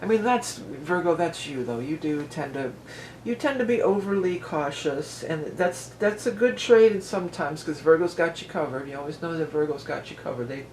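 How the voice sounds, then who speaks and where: A woman's voice: low-pitched, a little hiss or hum. A woman giving a casual tarot reading at home. She talks in a chatty, rambling way and often wanders into asides. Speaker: tarot reader. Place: at home with a dog nearby.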